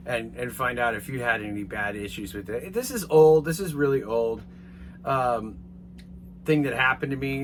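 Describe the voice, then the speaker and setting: A man telling a rambling, casual story to his viewers, swearing now and then and getting animated as he retells it. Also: medium pitch, background noise. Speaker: vlogger.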